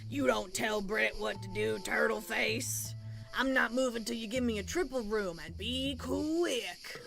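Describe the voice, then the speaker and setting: A rude, drunk game lout stammers his insults in a slow Southern drawl, as a woman puts him on. He sounds slurred and pushy, and game music plays clearly behind him. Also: on the high side, fairly bright tone. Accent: put-on American Southern. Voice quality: stuttering, insulting. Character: rude drunk stuttering man with shotgun.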